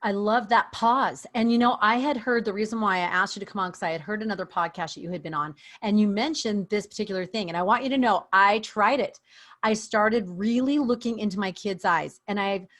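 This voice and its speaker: A woman's voice: mid-range voice, a little fast. A woman hosting an interview podcast, affirming her guest and asking questions. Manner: warm, affirming, asks questions. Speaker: podcast host.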